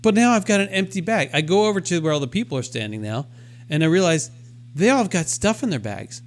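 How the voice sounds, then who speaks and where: His voice sits high and he speaks quickly and expressively: a podcast co-host telling a casual, self-deprecating tale while playing out his own inner thoughts.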